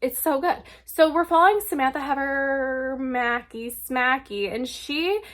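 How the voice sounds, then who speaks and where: High-voiced, gushing young woman. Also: unhurried, fairly bright tone. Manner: gushing, chatty, full of filler words. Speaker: book reviewer. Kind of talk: casual book recommendation vlog.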